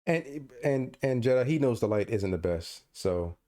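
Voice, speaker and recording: A man's voice: mid-range voice, animated, a little slow, dark tone. A man co-hosting a casual podcast, teasing his friend with mock outrage and playful banter over a call. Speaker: podcast co-host.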